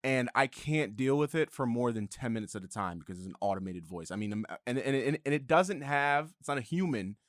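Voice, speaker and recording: A man's voice: mid-range voice, expressive, fairly quick, hardly any pauses, no room sound, clean studio sound. A man chatting casually as a podcast guest, telling stories in an easygoing way. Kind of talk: casual chat.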